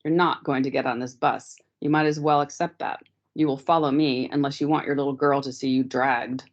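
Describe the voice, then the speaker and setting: A woman's voice: rumbling low, fairly even intonation, a little fast. A woman reading aloud, voicing a stout, scarred male guard who speaks coldly and threateningly, on dull lo-fi meeting audio. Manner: cold, threatening.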